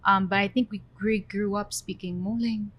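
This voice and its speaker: A woman guest on a casual podcast. She speaks thoughtfully, pausing and feeling her way through her sentences. Her voice sits at a plain, middle pitch. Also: steady tone, husky. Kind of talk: casual chat.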